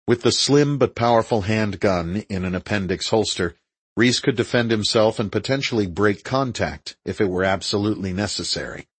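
Deep husky male audiobook narrator. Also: dry recording, low-quality recording. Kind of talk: scripted thriller narration.

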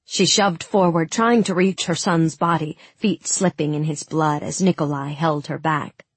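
A woman narrating a fantasy audiobook in the first person, with steady, dramatic storytelling on a close studio mic. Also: low voice, a little slow, breathy edge, no room sound.

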